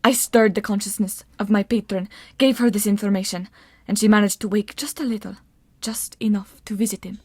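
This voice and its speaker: A woman's voice: mid-range voice, fairly even intonation, brisk, few pauses, husky, no room sound. Audiobook villain: a sneering sorceress, read by a woman, condescending, dry close sound. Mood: silky scheming. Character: haughty scheming sorceress woman, mocking.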